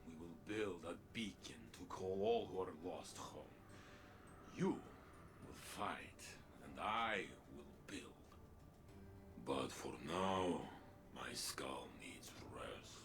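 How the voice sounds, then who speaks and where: A hulking, soft-hearted robot warrior from a video game speaks in a deep, slow voice with a Russian accent. Every word comes through a staticky, tinny robot filter, solemn and earnest, with wide rises and falls in pitch. A steady noise sits under the game audio. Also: male voice, exaggerated voice. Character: hulking gentle robot warrior, older male.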